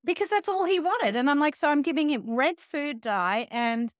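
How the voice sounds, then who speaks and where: A woman's voice: sits high, normal speed, dry recording, clean studio sound. A middle-aged woman, a health and wellness coach, talking in a casual interview and acting out sarcastic quotes. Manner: animated, acts out quoted voices, sarcastic asides.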